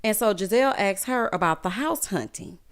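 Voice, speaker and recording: A woman with a brisk, medium-pitched voice recaps a reality show in casual, sassy commentary. Just recovering from being sick, this animated vlogger acts out cast members' lines.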